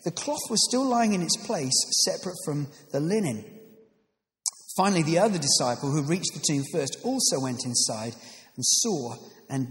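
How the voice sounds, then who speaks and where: A man preaching a sermon, reading scripture aloud and adding playful, jokey asides. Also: fairly high pitch. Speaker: pastor. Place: church. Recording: echoey reverberant church hall.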